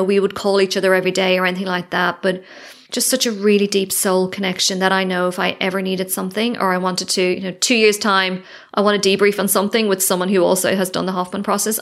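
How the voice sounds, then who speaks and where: A woman's voice: medium pitch, a bit bright. A woman hosting a solo podcast, speaking candidly and effusively and swearing casually. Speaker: podcast host.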